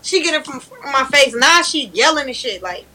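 A young woman telling a story in casual chat, animated and laughing, loudly acting out what others said. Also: high voice, normal speed, poor audio.

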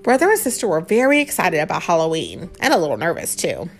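Animated woman reading aloud. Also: lowish voice, quick pace, soft background music. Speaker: parent reading aloud to children. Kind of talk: bedtime-style storybook reading with chat.

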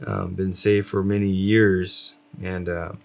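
Gravelly low-voiced man, rambling. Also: flat delivery, takes it slowly. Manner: rambling, many fillers, self-described loud. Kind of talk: casual faith discussion.

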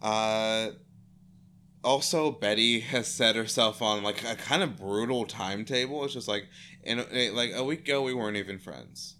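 A man's voice: on the low side, moderate pace, pushed and bright. A man co-hosting a podcast, recapping a TV show in casual chat, laughing often and doing silly voices. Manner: laughing, playful, puts on silly voices for the dog. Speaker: podcast co-host.

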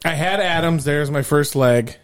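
A man's voice: a little high, moderate pace. A man co-hosting a podcast in casual chat, brash, joking and profane. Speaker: podcast co-host.

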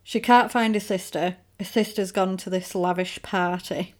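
A woman chatting casually, retelling a film plot and acting out the characters' lines. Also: on the low side. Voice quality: animated storyteller, acts out characters' lines in quick voices. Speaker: podcast co-host recapping a film. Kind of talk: casual chat.

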